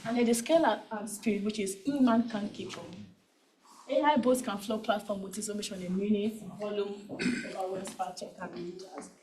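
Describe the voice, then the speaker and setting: Speaking at a conference panel, a Nigerian-accented woman uses a slightly mellow mid-range voice with fairly even intonation at normal speed. She's conversational, leaning on plenty of "right?" and "um" as she makes her points, over slight background noise on poor audio.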